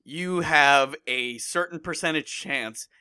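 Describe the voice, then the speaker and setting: A tipsy man co-hosting a casual podcast, making deadpan absurd jokes. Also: on the high side, slow pace, smooth, no echo, studio quality. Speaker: podcast co-host.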